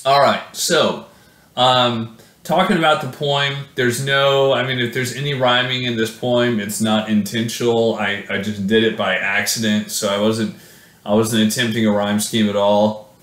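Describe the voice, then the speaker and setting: A man's voice: on the low side, steady tone, normal speed, fairly bright tone, reverberant. A man reads his own sonnet aloud, then talks it through casually with many fillers and self-corrections. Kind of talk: poetry reading then casual explanation.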